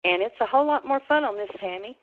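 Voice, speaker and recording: A woman hosts a webinar with a rousing, preacher-like pep talk. Her pitch sits in the middle, and the sound comes through a tinny, phone-like line. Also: expressive, quick pace. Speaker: webinar host.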